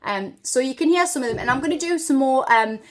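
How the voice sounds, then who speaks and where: A woman with a Geordie accent from northeast England, chatting casually through an accent tutorial as a mother of two, sing-songy and quick to laugh. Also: sits high, animated.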